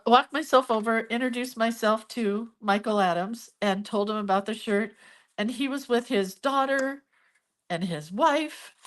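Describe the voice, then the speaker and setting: A middle-aged woman tells a personal story straight to her viewers in a loose, chatty vlog manner. She is emotional and animated, sighing and laughing between lines, and her voice sits at a middle pitch. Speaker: vlogger. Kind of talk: casual storytelling to camera.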